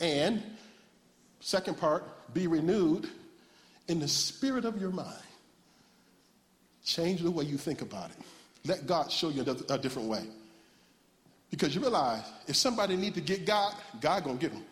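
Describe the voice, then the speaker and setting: A man preaching a lively sermon as pastor, with call-and-response shouts and laughter. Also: a little high, normal speed, pauses often. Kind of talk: animated sermon. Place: church sanctuary. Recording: church hall reverb.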